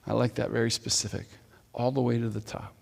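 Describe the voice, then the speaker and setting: A man's voice: medium pitch, level tone, brisk, gravelly, darkish tone. A man preaching a sermon as pastor, talking in a conversational way with playful asides to the congregation. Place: church sanctuary. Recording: long hall reverb.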